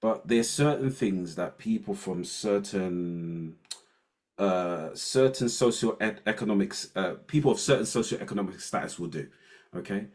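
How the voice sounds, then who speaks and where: A man's voice: lowish voice, expressive, measured pace. A middle-aged man with a London accent, a guest educator in a casual podcast chat who acts out quoted snippets of dialogue. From England.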